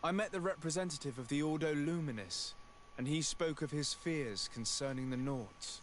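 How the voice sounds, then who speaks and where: A man's voice: on the high side, normal speed, slight background noise, lightly acted. A man voicing a polite noble emissary. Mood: composed. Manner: polite, formal, composed. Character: courteous young male noble emissary. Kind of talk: video game dialogue.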